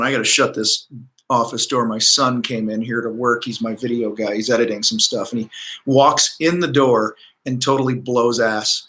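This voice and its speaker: A man's voice: mid-range voice, sharp tone, reverberant. A middle-aged man hosting a livestream coaching talk from his office, blunt, profane and pumped-up. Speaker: host. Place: home office.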